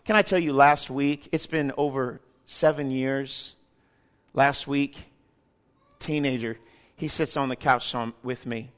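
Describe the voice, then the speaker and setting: A man preaching a sermon, impassioned, moving between hushed, tender passages and loud, fervent calls. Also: medium pitch, steady tone, measured pace, clean tone.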